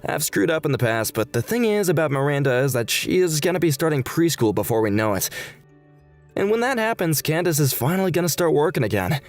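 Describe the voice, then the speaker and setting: A man's voice: fairly high pitch, very animated, fairly quick, soft background music. A man in his thirties playing a married father who asks his mother for money, talking in a hesitant, defensive way with stammers, in a scripted text-message drama. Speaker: son.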